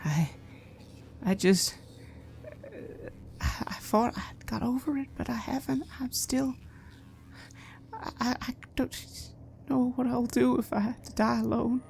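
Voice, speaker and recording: A desperate, guilt-ridden young man stammers through sobs, as a woman puts him on. His voice sits high and strained, sometimes breaking to a hush. He pleads as if close to the end. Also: slow pace, gravelly, pauses often, slight background noise. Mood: hushed despair.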